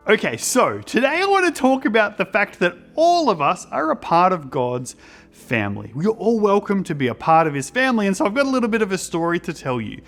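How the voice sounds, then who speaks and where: An Australian man preaching to children, telling an animated personal story and acting out the voices in it. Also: sits high, brisk, soft background music. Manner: animated, acts out voices in his stories. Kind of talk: storytelling sermon for kids.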